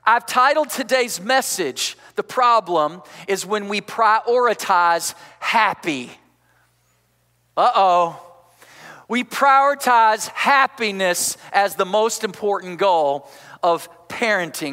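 High, forceful pastor preaching. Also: male voice, lively intonation, slow. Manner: emphatic, coaxing the congregation with call-outs. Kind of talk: energetic sermon. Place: large church sanctuary. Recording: long church-hall reverb.

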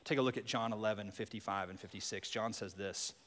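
A man preaching a sermon as pastor, telling a story with animated, expressive delivery and dropping into hushed reflective moments. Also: on the low side, fairly quick, in a large hall.

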